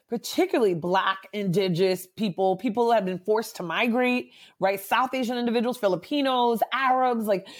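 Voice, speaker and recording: A woman psychologist talking as a podcast guest in a loose, animated way, often dropping "like" and "right?" and acting out what her clients say. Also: mid-range voice. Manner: animated, acts out client quotes; frequent "like" and "right?" fillers. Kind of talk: conversational podcast interview.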